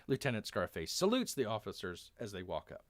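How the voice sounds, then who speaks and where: A man's voice: on the low side, huge pitch swings, a little fast, no room sound. Rambling man reading a story live. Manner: rambling, many fillers, talks of himself as Bear. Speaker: storyteller and streamer. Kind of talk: casual live-stream storytelling.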